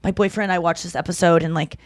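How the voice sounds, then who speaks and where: A woman's voice: fairly low pitch, fast talker, no room sound. Chatty woman host, dry close mic. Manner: animated storytelling, acting out quotes. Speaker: podcast host. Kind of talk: casual chat.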